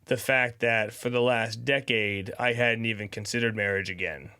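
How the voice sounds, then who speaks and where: A man's voice: fairly low pitch, steady tone, normal speed, pushed and bright, clean tone, no room sound, studio quality. A man guest on a podcast, telling a personal story in a rambling, casual way, full of "you know" and "like". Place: studio.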